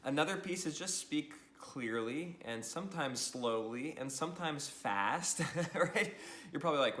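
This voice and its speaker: A man giving an energetic social media training talk to the camera, upbeat and animated, often laughing and tagging lines with "right?". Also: on the high side, measured pace, echoey room, slight background noise.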